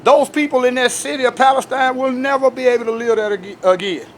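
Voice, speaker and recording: High-voiced, fired-up male vlogger. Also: brisk, a little hiss or hum. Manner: animated, emphatic, talks straight to his viewers. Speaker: video host. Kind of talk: casual commentary to camera.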